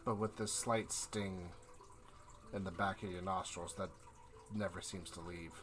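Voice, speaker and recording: A man narrating as game master in a tabletop game, painting scenes in slow, descriptive detail. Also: low-pitched, steady tone.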